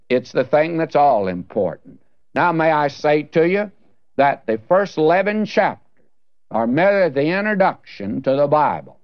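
A man's voice: fairly high pitch, no room sound. Earnest man teaching the Bible. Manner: earnest, folksy, rhetorical questions, direct address to listener. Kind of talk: radio Bible sermon. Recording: dull, slightly muffled dry recording.

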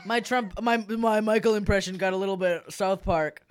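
A woman co-hosting a podcast, chatting loosely and laughing often. She speaks at an average pitch, rambling from one thought to the next. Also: normal speed, clean tone. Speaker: podcast host. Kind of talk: casual chat.

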